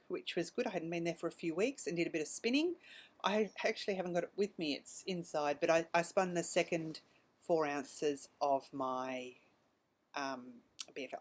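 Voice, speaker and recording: A middle-aged Australian woman talks through her week on her podcast in a relaxed, chatty storytelling manner. Her voice sits a little low for a woman. She slips into other people's lines as she recounts what they said. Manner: conversational, retelling events with quoted dialogue. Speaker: podcast host. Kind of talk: casual personal storytelling.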